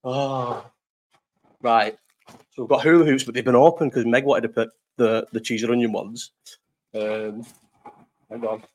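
A man's voice: medium pitch, fairly even intonation, a little slow, pauses often. A man, hosting a casual live chat stream from home, telling rambling stories full of swearing and laughter into a partly covered desk mic. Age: 30s.

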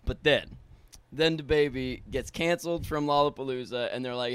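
A man's voice: mid-range voice, normal speed, fairly bright tone, clean tone. A young man co-hosting a podcast in rambling, profane casual chat, laughing often. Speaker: podcast co-host.

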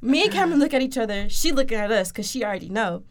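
Animated young woman telling a story. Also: on the high side, very fast, slight background noise. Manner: animated, acts out quoted voices, laughs often. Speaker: podcast co-host. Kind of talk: casual storytelling chat.

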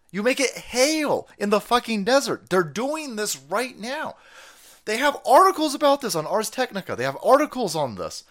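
A man's voice: high voice, fairly bright tone. A middle-aged man hosting a ranting commentary livestream, profane and sarcastic. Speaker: livestream host.

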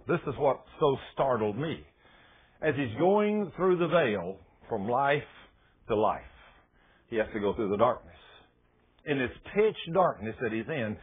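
Male preacher, animated swooping delivery, a bit husky, tinny phone-like radio sound. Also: medium pitch. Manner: dramatic retelling, dropping to hushed tones for quotes. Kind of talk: sermon storytelling.

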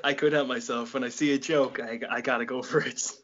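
A man's voice: mid-range voice, steady tone, fairly quick, fairly bright tone, muffled recording, a little hiss or hum. A young man with an Irish accent hosting a casual interview, rambling and joking, with a lot of swearing. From Ireland. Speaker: podcast host.

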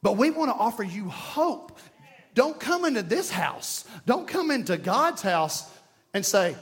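Male pastor, east texas accent, very high voice, emphatic sermon, folksy jokes, repeats himself. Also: very animated, unhurried, fairly bright tone. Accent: Southern US, East Texas.

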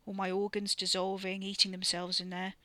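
A woman voicing a blunt, crude young man, gruff and offhand, read from a storybook. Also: medium pitch, completely flat delivery, a little fast, sharp tone, no echo, lightly acted. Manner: gruff, offhand, swearing casually.

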